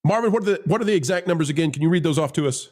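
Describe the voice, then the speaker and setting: A man hosting a live stream in casual chat, animated and laughing, talking straight to his viewers. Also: a little high, rapid-fire. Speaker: show host.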